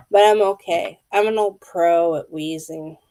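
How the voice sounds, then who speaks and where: A wheezy woman in her fifties hosts a live tarot reading, speaking intuitively and calling out viewers by name. Her voice sits low and her pace is slow and deliberate. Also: mellow, a little hiss or hum. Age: 50s. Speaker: tarot card reader. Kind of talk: live-streamed card reading.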